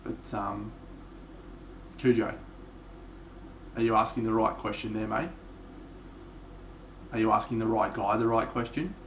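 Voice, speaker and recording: A man's voice: fairly low pitch, steady tone, a little slow, long pauses, a bit bright, a little hiss or hum. A man with an Australian accent, chatting casually and swearing freely while streaming his miniature painting live. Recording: echoey room.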